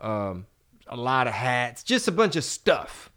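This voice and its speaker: Speaking at a measured pace in a medium-pitched voice, a male podcast host tells stories with animation, rambling through casual chat and swearing freely.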